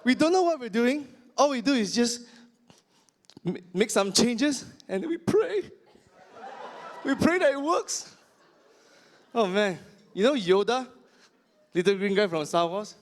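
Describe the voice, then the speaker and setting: A man's voice: extremely high pitch, big pitch swings, a little slow, pauses often. A man performing a stand-up comedy set with punchy, exaggerated delivery.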